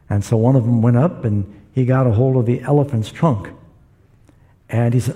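A man's voice: medium pitch, steady tone, fairly quick, mellow. A man preaching a sermon, retelling scripture stories and acting out the voices in them. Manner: storytelling, acts out quoted voices.

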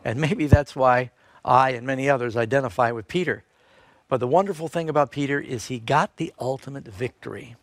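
A man preaching a Bible lesson as a storyteller, his voice sitting at an ordinary middle pitch and leaping higher on points he stresses. The sound is close and dry, with no room echo. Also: a little fast. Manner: storytelling, rising sharply in pitch for emphasis. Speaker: Bible teacher. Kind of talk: sermon-style Bible lesson.

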